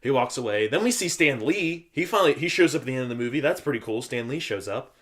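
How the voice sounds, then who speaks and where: A young man hosts a casual solo movie review, retelling scenes in a rambling, filler-heavy way. His voice sits at an ordinary middle pitch for a man. He talks loosely and conversationally, acting out bits of dialogue as he goes. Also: animated, quick pace. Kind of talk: casual spoiler review monologue.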